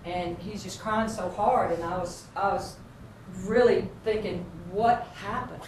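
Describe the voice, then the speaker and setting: A woman's voice: mid-range voice, unhurried, a little mellow. A woman, a basketball coach giving an earnest, folksy motivational speech. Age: 50s. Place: large hall with an audience. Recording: echoey hall, far-off mic, noisy.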